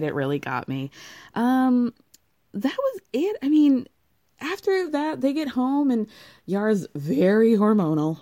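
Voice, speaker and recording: A woman's voice: mid-range voice, warm tone. A woman hosting a casual recap of reality TV, chatty and giggly, cursing now and then. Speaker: podcast host recapping reality TV. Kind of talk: casual chat.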